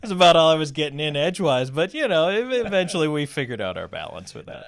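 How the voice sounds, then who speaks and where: A man's voice: a little high, sing-song, fast, creaky. A man, a former hockey player and color commentator, reminiscing in an interview with frequent restarts and fillers.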